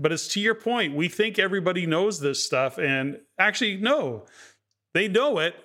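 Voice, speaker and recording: A man's voice: fairly high pitch, lively intonation, moderate pace, sharp tone. A man hosting a podcast, chatting reflectively with many asides as he interviews a guest. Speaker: podcast host. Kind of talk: conversational interview.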